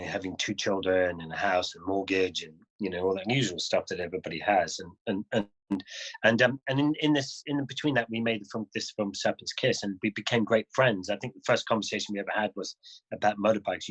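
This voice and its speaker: A man as an interview guest, telling a story in a casual, animated way, often restarting phrases and chuckling. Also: low-pitched, brisk, breathy edge, poor audio.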